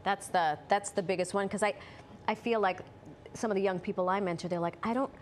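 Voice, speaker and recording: A woman hosting a TV interview, chatting casually and backing up her guest with quick agreement. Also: medium pitch, fairly even intonation, slight background noise. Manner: conversational, quick asides with lots of agreement. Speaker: TV host. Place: TV studio.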